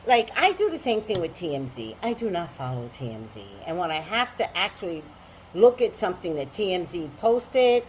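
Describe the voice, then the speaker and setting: A woman psychic chatting on a live stream, greeting viewers by name and giving her blunt, animated opinions. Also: medium pitch, a little hiss or hum, poor audio.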